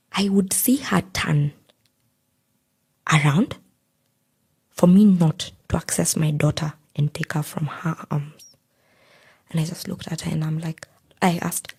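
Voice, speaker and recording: A young woman telling her own story on a podcast, acting out the lines of the people in it as she goes. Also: on the low side. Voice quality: very husky, breathy. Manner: animated retelling, acting out quoted lines. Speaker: podcast guest. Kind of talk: personal storytelling.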